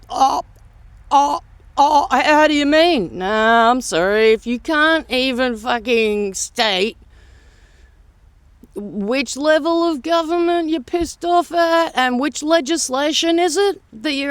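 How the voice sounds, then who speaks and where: A woman's voice: high-pitched, no room sound. Blunt, sweary Australian woman ranting. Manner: blunt, heavy swearing, sarcastic mocking. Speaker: vlogger. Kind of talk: ranting monologue vlog.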